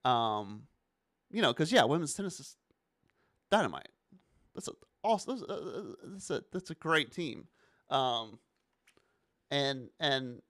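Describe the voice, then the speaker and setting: A man hosting a sports talk show, chatting casually and animatedly, sometimes rising to exasperated near-shouts. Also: a little high, no room sound, studio quality. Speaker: sports podcast host.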